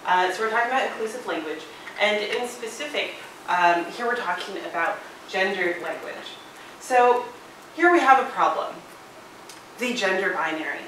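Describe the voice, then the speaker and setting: A woman's voice: medium pitch, animated, moderate pace, a bit bright, slight background noise. A young woman giving a casual class presentation, with frequent hesitations. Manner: informal, frequent "um" and "uh". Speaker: student presenter. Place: lecture room. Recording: echoey lecture hall, distant mic.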